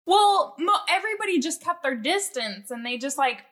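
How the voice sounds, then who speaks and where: A woman's voice: high-pitched, lively intonation, moderate pace, sharp tone. A young woman, the youngest and only daughter, chatting easily with her family on a podcast. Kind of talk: casual family chat.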